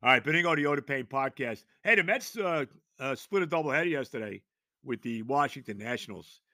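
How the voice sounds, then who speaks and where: An older man hosting a sports podcast, ranting loudly and exasperated, hammering points with shouted repetition. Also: medium pitch, expressive, brisk, no echo, clean studio sound. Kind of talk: sports talk rant.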